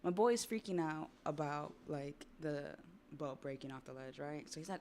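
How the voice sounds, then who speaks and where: A young adult woman livestreaming as she reacts to a manga, chatty and excitable, with casual swearing. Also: low voice, normal speed, slight background noise. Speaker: streamer.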